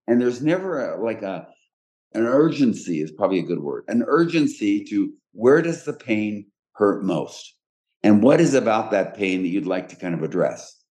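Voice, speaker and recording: Direct-speaking lower-voiced male podcast host. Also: a little mellow. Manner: direct, explanatory, with frequent restarts. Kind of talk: casual podcast talk.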